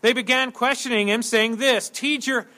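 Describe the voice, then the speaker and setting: A man preaching a sermon in a lively, joking way, acting out quotes and voices as he teaches. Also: high voice, a little slow. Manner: animated, jokey preaching with acted-out quotes. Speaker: pastor.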